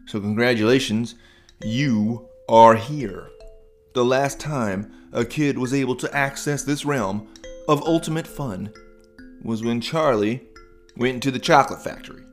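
Dad making up a bedtime story, relaxed, kinda rambly, mid pitch. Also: male voice, measured pace, faint music behind. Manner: relaxed, improvised, with restarts. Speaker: storyteller and podcast host.

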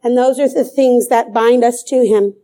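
A woman's voice: a little high, fairly even intonation, moderate pace, mellow. A middle-aged woman preaching a sermon with fervor, repeating phrases for emphasis.

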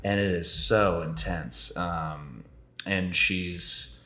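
Casual co-host, young man, low voice, halting and rambling. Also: pushed and bright. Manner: rambling, hesitant storytelling with many restarts. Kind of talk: casual chat.

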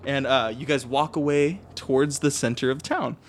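A man's voice: medium pitch, normal speed. A man narrating as dungeon master in a playful way, laughing often and slipping in and out of voices. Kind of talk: narrating a tabletop game.

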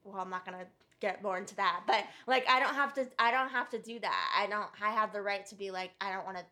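A woman's voice: medium pitch, a little fast, pushed and bright. A woman chatting casually as a podcast co-host, rambling and playful with lots of filler words. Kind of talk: casual chat recapping a reality show.

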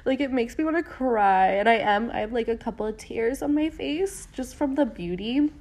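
A woman's voice: a little high, animated, normal speed, darkish tone. A woman podcast host reading a book aloud in a chatty, giggly way and adding casual comments. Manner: giggly, chatty, lots of fillers.

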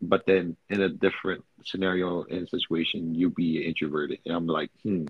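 A man's voice: deep voice, flat delivery, moderate pace, breathy edge, no room sound, muffled recording. A man co-hosting a podcast, chatting casually in a teasing, playful way. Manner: teasing, playful, laughs a lot. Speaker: podcast co-host. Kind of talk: casual chat.

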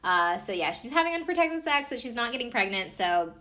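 A woman's voice: a little high, big pitch swings, a little fast, pushed and bright. A woman hosting a podcast, recapping a TV show in a casual, rambling way full of fillers and asides. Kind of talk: casual chat.

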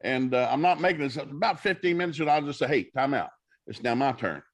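A man's voice: medium pitch, animated, fast talker. A minister telling stories on a talk show, folksy and preacherly, acting out the people he quotes. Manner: folksy preacher storytelling, acts out dialogue. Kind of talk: storytelling talk-show guest.

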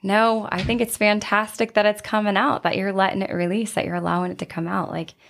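A woman's voice: mid-range voice, brisk, vocal fry, a little hiss or hum. Earnest woman telling a story. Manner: earnest, animated storyteller acting out quotes. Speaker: retreat leader and healer. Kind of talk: casual storytelling interview.

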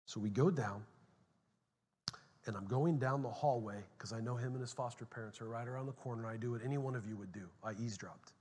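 A middle-aged man preaching a sermon as pastor, telling a story animatedly, dropping to a hush and then rising loud. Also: medium pitch, fairly quick, slightly rough. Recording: long hall reverb.

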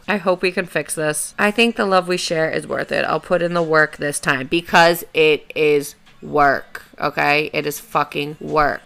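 A young woman with a deep, gravelly voice talks through her old journal on a solo podcast. She is candid and self-mocking, swears freely, and swings between soft murmurs and loud outbursts. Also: fairly even intonation, a little slow, few pauses. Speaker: podcast host.

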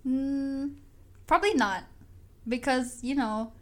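A woman's voice: sits high, slow pace, fairly bright tone. A young woman co-hosting a casual podcast in a laid-back, dry way. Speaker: podcast co-host. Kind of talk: casual chat.

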